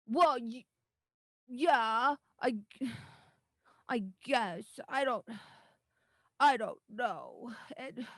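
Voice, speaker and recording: A woman voicing a sulky young girl who has lost her magic, whiny and halting, in a tabletop game. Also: fairly high pitch, animated, a bit bright, dry recording, pitched above the performer's own voice, heavily acted. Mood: unsure.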